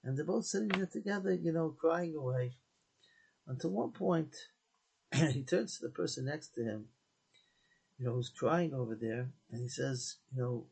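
Gravelly, husky rabbi telling a story. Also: male voice, medium pitch, normal speed, long pauses, darkish tone, low-quality recording. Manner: earnest storytelling, many restarts, Hebrew and Yiddish terms. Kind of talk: Torah talk with a story.

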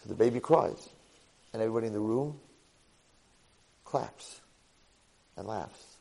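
A man teaching a Torah portion lesson to a live class, an animated storyteller sprinkling in Hebrew and Yiddish words. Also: on the low side, unhurried, gravelly, breathy edge, low-quality recording.

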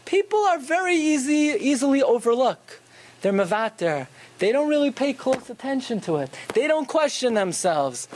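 A man giving a Torah lecture, telling stories with animated rhetorical questions. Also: extremely high pitch, normal speed, slight background noise. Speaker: Torah teacher.

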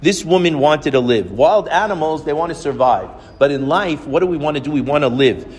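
A man's voice: fairly high pitch, lively intonation, a little fast, slightly rough. Man preaching in a reverberant hall. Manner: storytelling, reflective, quotes others at length. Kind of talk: sermon.

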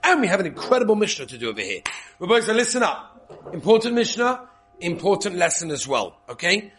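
A man with Yeshivish English, teaching an informal Torah class, lively and repetitive, checking in with "okay?" often. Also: sits high, brisk. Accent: Yeshivish English with Hebrew and Yiddish terms. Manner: lively, repeats points, frequent "okay?" checks.

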